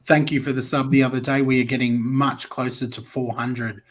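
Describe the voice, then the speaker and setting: An Australian man hosting a casual football podcast, chatty and relaxed, calling on guests and reading out viewer comments. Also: mid-range voice, normal speed. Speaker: podcast host.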